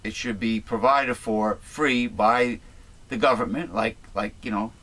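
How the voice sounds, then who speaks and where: A man's voice: fairly low pitch, steady tone, measured pace, a bit bright. A man hosting a talk show, speaking in casual commentary that halts and restarts with repeated words.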